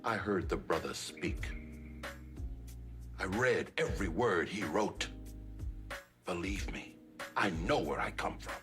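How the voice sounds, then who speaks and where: A stern deep-voiced uncle. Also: male voice, animated, takes it slowly, pauses often, music in the background. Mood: stern lecture. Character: stern imposing father figure, uncle lecturing nephew. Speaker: actor in a sitcom scene.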